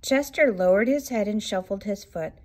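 A woman reading a children's picture book aloud in an expressive, lilting way. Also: medium pitch, normal speed. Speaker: storybook reader. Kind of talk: children's storybook read-aloud.

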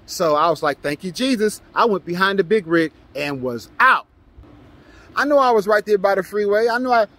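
A man recounts a tense street scene to his channel. His voice sits a little high for a man and turns lively as he acts out the shouting. The delivery is loose and conversational. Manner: animated, acts out his own shouts and quotes. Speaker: vlogger telling a story. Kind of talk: casual storytelling monologue.

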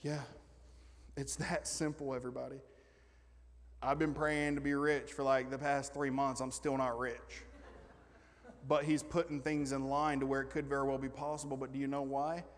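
A male pastor preaching a lively sermon. He shifts from loud, excited bragging about God to quiet, joking asides with the congregation. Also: medium pitch, moderate pace, slight background noise. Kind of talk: energetic sermon. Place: church sanctuary. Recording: long church reverb.

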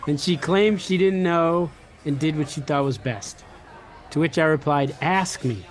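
A jokey, animated man co-hosting a podcast. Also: on the high side, normal speed. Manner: animated, jokey storyteller who reads out listener letters. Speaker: podcast co-host. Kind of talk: casual chat.

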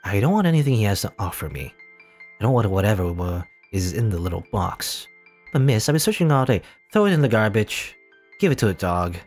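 A man's voice: fairly low pitch, very animated, brisk, darkish tone, soft background music, pitched below the performer's own voice. Man reading as a bitter young woman. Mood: contemptuous. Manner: cold, contemptuous. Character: bitter young woman rejecting her father.

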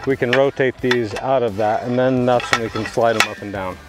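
A man presenting a product demonstration outdoors, walking through how a tool works in a steady, explanatory way. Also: medium pitch, fairly quick, very noisy. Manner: steady, explanatory, hands-on walkthrough. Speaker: fence company presenter.

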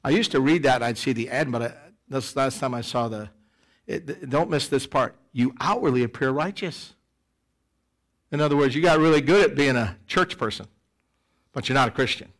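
Animated, fairly high-voiced male pastor. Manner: animated, swings between loud emphasis and quiet asides. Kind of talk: sermon. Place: church sanctuary.

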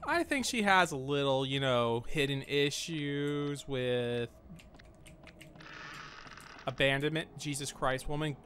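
Bright-voiced joking game host. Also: male voice, mid-range voice, expressive, slow pace, long pauses, slight background noise. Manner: joking, self-mocking, talks to game characters. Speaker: game host playing a horror game. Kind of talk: let's play commentary.

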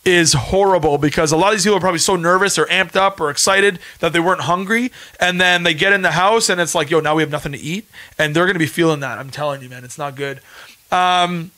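A Canadian man in his thirties chats casually on a livestream podcast, repeating himself as he insists on his points. His voice is bright and forward, pitched a little high for a man. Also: fast. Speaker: podcast host and former reality show contestant. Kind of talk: casual livestream chat reading viewer comments.

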